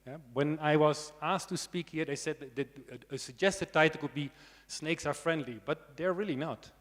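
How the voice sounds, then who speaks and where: Man, public lecture, slightly high voice, chatty audience check-ins, dry humor, long hall echo. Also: moderate pace, fairly bright tone. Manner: conversational, checks in with the audience through frequent tag questions. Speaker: snake expert giving a conference talk.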